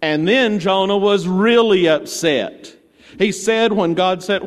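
Storytelling pastor in a reverberant church. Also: male voice, sits high, takes it slowly. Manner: conversational storytelling, playful asides. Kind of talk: sermon.

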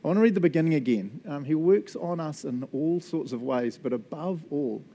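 With a voice on the high side, mellow and animated, this preacher talks a little fast through an upbeat, informal sermon. He keeps checking in with his congregation, laughing often and ending lines with "right?" or "eh?".

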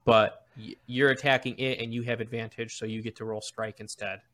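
A man's voice: medium pitch, level tone, fairly quick, a bit bright. A man narrating as game master of a tabletop game, explaining rules with frequent restarts.

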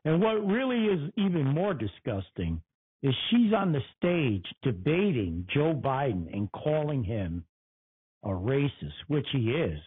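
A man's voice: mid-range voice, very animated, measured pace, slightly rough. A man hosting his own talk show, ranting furiously and profanely, repeating phrases for emphasis. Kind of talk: angry political rant. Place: Connecticut. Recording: tinny phone-like sound.

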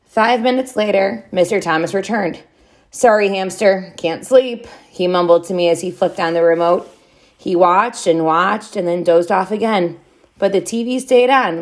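A woman with a medium-pitched voice reads a children's chapter book aloud. Her delivery is expressive and drawn out in classic storybook fashion.

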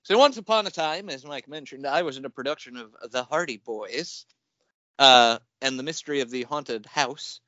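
Male podcast co-host, animated storyteller, bright voice, dry and lo-fi sound. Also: mid-range voice, moderate pace, no room sound. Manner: animated, laughs often. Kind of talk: casual chat, storytelling. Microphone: remote call mic.

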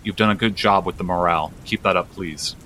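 A man playing a grave, pawed guard commander in a tabletop game, speaking in a calm, measured way. His low voice has a bright edge, and rain patters softly behind him. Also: slight background noise, poor audio. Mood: commanding.

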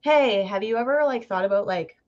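Over dull, lo-fi podcast audio, a young Ontario woman speaks in a mid-range voice at a brisk clip. She's a guest recounting her story casually, animatedly performing the quoted voices and leaning heavily on "like."

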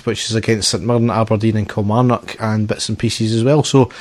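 A Scottish man hosting a football podcast. He is ill and croaky with a cough, chatty and self-mocking, and he laughs often. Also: on the low side, little pitch movement, a little fast, a little mellow, no room sound. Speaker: podcast host. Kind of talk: casual football podcast chat.

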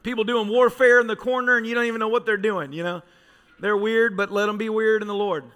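Pastor guy preaching in church, really high voice, fired up, gets quiet then yells. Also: fairly even intonation, quick pace, clean tone. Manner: fervent, storytelling preacher who swings from soft to shouting. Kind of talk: sermon. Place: church sanctuary.

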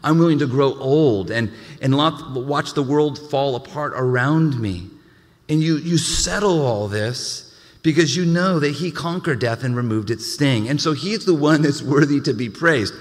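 A male pastor delivers a sermon in an animated style, often stammering and restarting his sentences. His mid-pitched voice rings out with a long reverb, as from a church hall. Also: measured pace.

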